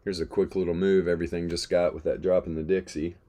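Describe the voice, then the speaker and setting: This man's low-pitched, warm voice stays level in tone, and he talks fast. On his live trading stream he chats casually about charts, staying laid-back, cursing and laughing as he spins stories.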